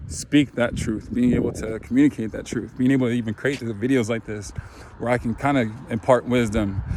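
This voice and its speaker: Man, mid-pitched, casual spiritual talker, crackly throat, faint street noise behind. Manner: relaxed, rambling, full of "you know". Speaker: spiritual video host.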